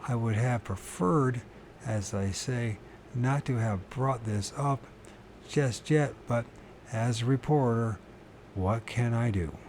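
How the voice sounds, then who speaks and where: A man's voice: mid-range voice, slow, darkish tone, slight background noise. A man reading a book aloud, stumbling over words and correcting himself, with casual muttered asides to his listeners. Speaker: channel host reading aloud.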